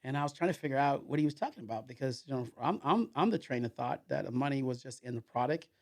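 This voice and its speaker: A man sits as a guest on a casual podcast and tells a long personal story. His voice is gravelly, and his pitch sits in an ordinary middle range. He rambles, repeating fillers and restarting his sentences as he goes. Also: lively intonation, quick pace, darkish tone.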